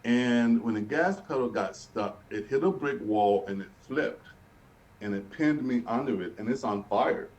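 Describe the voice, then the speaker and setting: A man's voice: medium pitch, unhurried, a little mellow. A man, earnestly telling his life story as an interview guest and often repeating and restarting phrases. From Birmingham, Alabama, US. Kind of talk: personal storytelling in a sit-down interview. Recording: voice picked up from a distance.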